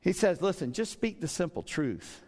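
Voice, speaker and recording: Gravelly-voiced man preaching in a hall. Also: on the high side, very animated, moderate pace, darkish tone. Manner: conversational, repeats words, acts out quoted speech. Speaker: pastor. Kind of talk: sermon. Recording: long hall reverb.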